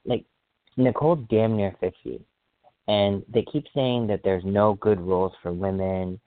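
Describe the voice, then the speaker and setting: Podcast host, male, very low voice, excitable rambler, dry thin phone-line audio. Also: no room sound. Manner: excitable, rambling, quick to apologize. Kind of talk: casual solo podcast chat.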